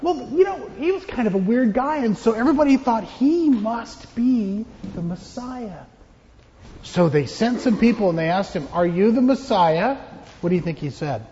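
A man's voice: extremely high pitch, expressive, moderate pace, warm tone, in a large hall, dull audio, a little hiss or hum. A man giving a children's sermon as pastor, playful and joking with the kids. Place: church.

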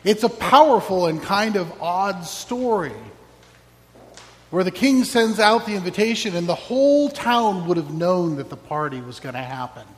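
A man's voice: high-pitched, animated, normal speed, big-room sound. A man preaching a sermon as pastor, reflective with wry asides.

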